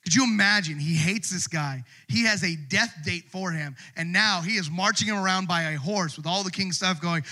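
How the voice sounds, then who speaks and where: Animated, bright-voiced male preacher. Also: sits high, normal speed, hardly any pauses. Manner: animated storytelling with acted voices. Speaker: pastor. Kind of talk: sermon. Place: church service.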